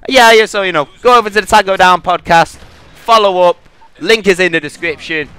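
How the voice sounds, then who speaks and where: A man's voice: high-pitched, brisk, pushed and bright, clean tone. Brash young man trash-talking. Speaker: gaming podcast host. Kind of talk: gameplay commentary with banter. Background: gunfire from the game.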